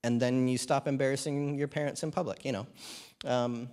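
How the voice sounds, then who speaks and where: A man's voice: medium pitch, fairly even intonation, moderate pace, a little mellow, clear, resonant tone. A man in his thirties or forties preaching a sermon in church, talking in a conversational way with humorous asides. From New Zealand.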